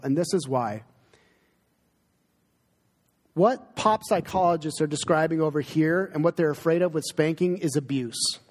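A man's voice: a little high, a little mellow. Preaching man in an echoing hall. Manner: earnest, emphatic preaching with pauses. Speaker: pastor. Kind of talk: sermon. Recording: long hall reverb.

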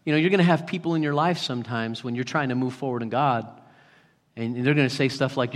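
A man preaching a sermon as pastor, with a dynamic delivery that swings from loud to whispering. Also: medium pitch, fast talker, big-room sound.

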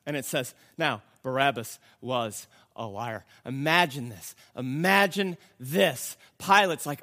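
A male pastor preaching a sermon, acting out the scenes and swinging between loud outbursts and hushed, slow passages. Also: a little high, expressive. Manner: dramatic, acts out the crowd, swings from loud to hushed.

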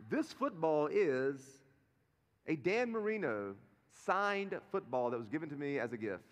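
Middle-aged male pastor, animated storyteller with a high, lively voice, booming in a reverberant sanctuary. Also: a little slow. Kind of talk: sermon. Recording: long reverb of a large hall.

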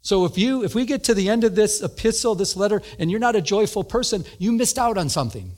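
Middle-aged male pastor, high voice, casual animated preaching, storyteller. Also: fast. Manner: conversational, animated storytelling with sound effects and quoted voices. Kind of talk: sermon.

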